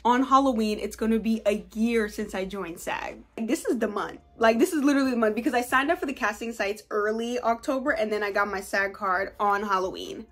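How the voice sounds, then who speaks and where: Bubbly high-voiced young woman vlogger. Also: a little fast, hardly any pauses, soft background music. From New York, USA. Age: 20s. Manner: bubbly, excitable, breaks into laughs and squeals. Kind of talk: casual chat to camera.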